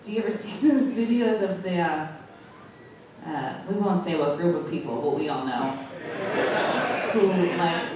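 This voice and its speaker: A woman's voice: sits low, normal speed, warm tone. A woman comedian with a New York accent doing brash, profane crowd work on a club stage. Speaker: stand-up comedian. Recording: echoey live club audio from a distance. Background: audience noise.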